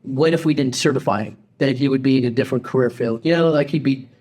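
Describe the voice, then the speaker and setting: A middle-aged man co-hosting a podcast, telling a personal story in a halting way with many restarts. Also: mid-range voice, darkish tone. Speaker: podcast co-host. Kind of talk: casual podcast chat.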